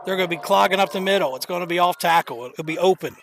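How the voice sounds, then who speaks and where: A young man calling a live high school football game as play-by-play commentator, excitable, openly nervous and rooting for his team. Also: quick pace, gravelly, a faint crowd. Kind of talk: live local sports commentary. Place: outdoor stadium bleachers. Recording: noisy outdoor stadium stream.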